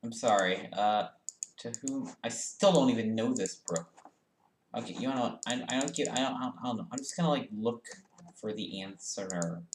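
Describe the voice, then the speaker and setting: A young man chatting casually and giggling to himself while doing schoolwork at a computer, often mumbling quiet asides that trail off. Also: medium pitch, normal speed, a little hiss or hum. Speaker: vlogger. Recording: roomy echo, faint keyboard typing.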